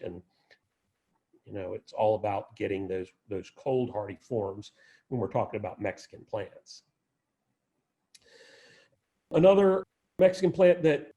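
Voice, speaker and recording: Guy giving a chatty plant talk, mellow low-key voice, lots of "you know". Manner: conversational, frequent restarts and "you know". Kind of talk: informal lecture.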